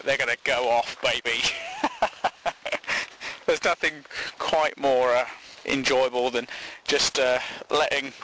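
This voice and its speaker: A man's voice: mid-range voice, background noise. A man hosting a podcast, rambling through a crude comic monologue and laughing at his own jokes. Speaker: podcast host.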